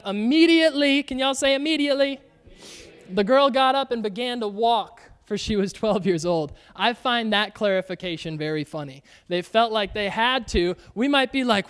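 Young guy pastor, really high voice, super chatty sermon, lots of "like" and "y'all". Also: moderate pace, smooth. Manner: chatty and animated, says "like" and "y'all" often, acts out Bible voices. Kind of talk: casual conversational sermon.

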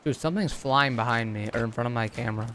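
A young man giving live gameplay commentary as a streamer, excitable, jumping from low grumbles to high yelps and shouts. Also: fast, a little hiss or hum. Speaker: gaming streamer. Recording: game gunfire and clicks behind voice.

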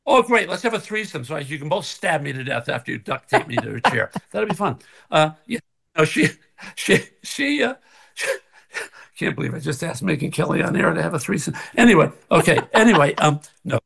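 A man's voice: a little high, sing-song, moderate pace, creaky, a bit bright, husky. An older man and actor telling a story as a guest on a video call from his kitchen, laughing often and acting out the voices he quotes. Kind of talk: casual anecdote on a video call. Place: home kitchen.

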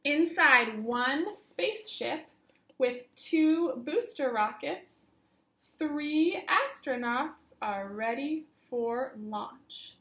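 A woman teacher reading a picture book aloud to young children, counting along slowly in a sing-song voice. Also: high voice, expressive, fairly bright tone.

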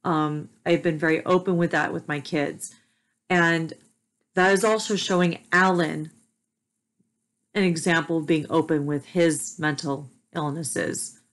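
A young mother talking candidly to camera, soft and hesitant, with frequent ums and restarts. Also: deep voice, steady tone, measured pace. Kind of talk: candid personal talk to camera.

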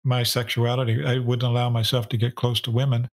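A middle-aged man co-hosting a faith podcast, speaking in a calm, steady teaching tone. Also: medium pitch, fairly quick. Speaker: podcast co-host.

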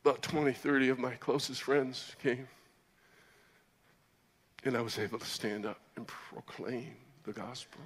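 A man preaching his personal testimony as a sermon, moving between loud excited bursts and low, quiet storytelling. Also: measured pace, long pauses, breathy edge. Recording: long hall reverb.

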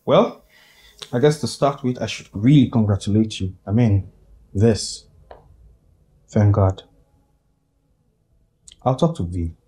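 An actor playing a blunt, exasperated friend who lectures and scolds. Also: male voice, lowish voice, slow, pauses often, mellow, breathy edge. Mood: scolding.

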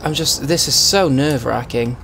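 A man with a hoarse, strained voice, chatting casually while streaming a game role-play. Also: mid-range voice, normal speed, fairly bright tone, a little hiss or hum. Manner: chatty, laughs at himself.

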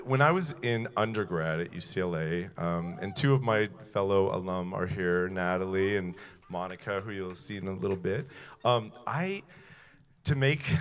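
A man's voice: lowish voice, fairly bright tone. A young man on a cabaret stage, telling a loose, rambling story between songs, full of fillers and little laughs. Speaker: cabaret singer.

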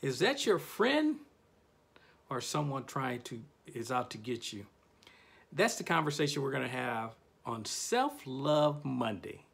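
Male self-help host, gravelly voice, casual motivational storytelling, dramatic rises and drops. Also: animated, a little slow. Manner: storytelling with big swings in pitch and loudness. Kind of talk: casual motivational talk to camera.

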